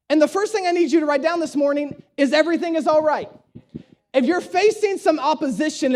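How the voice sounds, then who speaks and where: A male pastor preaching a sermon, telling a self-deprecating story with humor and acting out the dialogue. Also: extremely high pitch. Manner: acts out dialogue in his stories.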